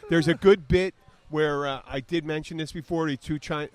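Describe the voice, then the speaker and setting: A man's voice: on the high side, steady tone, moderate pace, no room sound. A man in his fifties hosting a podcast in casual chat, rambling with restarts and fillers. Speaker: podcast host.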